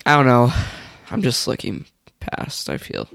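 A man's voice: medium pitch, big pitch swings, measured pace, gravelly, a bit bright, dry recording. A man co-hosting a casual podcast, rambling and hesitant with many restarts. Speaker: podcast co-host.

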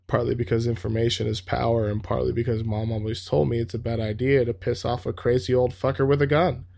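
Male reader with a gravelly, fry-laced voice reads a story aloud and drops in casual, swearing commentary. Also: medium pitch, a little mellow. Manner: swears freely in offhand asides.

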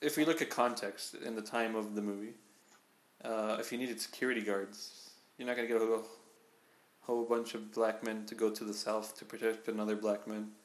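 A man co-hosting a casual podcast chat, laid-back and quick to laugh. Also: on the low side, flat delivery, echoey room. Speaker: podcast co-host.

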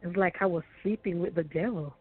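A woman sharing a painful personal testimony as a guest, halting and repeating her phrases. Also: on the low side, husky. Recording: tinny phone line, faint music.

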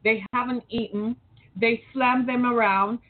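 A slightly high voice with fairly even intonation and an unhurried pace belongs to a middle-aged woman hosting an opinion talk show from Metro Detroit, Michigan. Her monologue is impassioned and leans heavily on rhetorical questions, heard through phone-like, tinny audio.

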